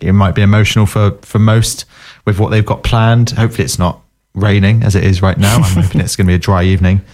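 A low-voiced man co-hosts a relaxed football podcast. He is easygoing and agreeable and laughs along with his co-host. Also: quick pace. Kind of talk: casual football podcast chat.

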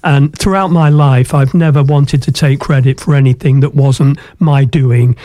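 An older man telling his story as a radio guest, earnest and halting, with many ums and restarts. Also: medium pitch, fairly even intonation, mellow, no room sound. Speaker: guest, former football club chairman.

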